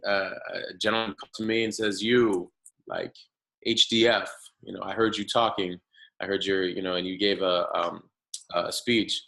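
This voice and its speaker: Bright-voiced man telling his story. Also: lowish voice, rough recording. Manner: rambling, many fillers and restarts, animated retelling. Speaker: podcast guest. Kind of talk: casual storytelling interview.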